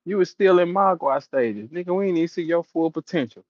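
A man's voice: a little high, expressive, fairly quick, no echo, dull audio. A man hosting a battle rap audio room, telling stories and taunting a rival in a profane, casual rant. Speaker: battle rap show host.

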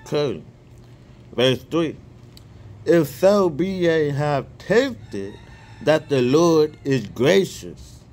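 Slow, fervent man praying and reading aloud. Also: fairly high pitch. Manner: excitable, stumbles and repeats words; reads punctuation marks aloud. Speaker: online Bible reader.

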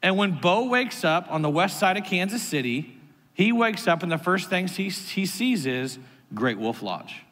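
Male pastor in his thirties, high bright voice, animated storytelling sermon, long church-hall reverb. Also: a little slow. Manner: animated storyteller, acts out his son's whiny voice. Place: large church auditorium.

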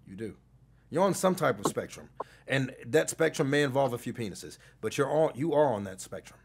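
A man's voice: mid-range voice, expressive, brisk, slight background noise, lightly acted. A man doing an impression of a smug, insulting middle-aged male relationship consultant on a live stream, with a condescending, mocking manner. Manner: condescending, mocking, drops to a hushed whisper. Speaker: stream host.

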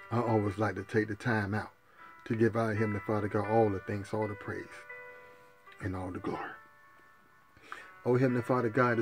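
A male preacher, praying fervently and calling out to his sisters and brothers in a sermon. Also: lowish voice. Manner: fervent preaching, repetitive cries to Jesus; addresses listeners as sisters and brothers. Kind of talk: sermon and spoken prayer.

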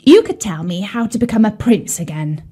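A woman voicing a sad, lovesick young male frog in a children's storybook, talking in halting, wistful phrases. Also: mid-range voice, expressive, dark tone, breathy edge. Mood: glum.

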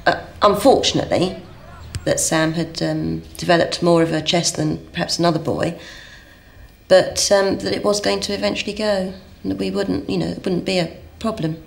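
A mother talking in an interview, soft and halting. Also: fairly low pitch, fairly even intonation, gravelly. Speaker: parent.

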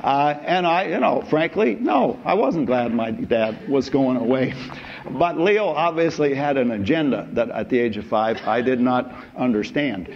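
A man's voice: medium pitch, expressive, measured pace, gravelly. An older man giving an anecdotal university philosophy lecture, wry and rambling with chuckling asides. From United States. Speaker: philosophy professor. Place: lecture hall. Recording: dull lo-fi lecture recording with faint hiss.

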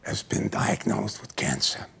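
A man playing a parody of a famous aging film actor, talking in a husky, murmuring, rambling way full of half-whispered asides in a comedy sketch. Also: measured pace, fairly bright tone, lightly acted. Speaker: celebrity acting teacher in a sketch.

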